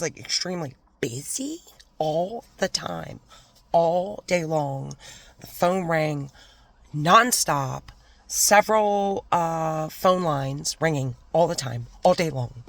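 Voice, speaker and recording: A woman's voice: deep voice, expressive, slow, no room sound. Ranting woman with whispered asides. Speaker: vlogger. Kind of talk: storytime rant.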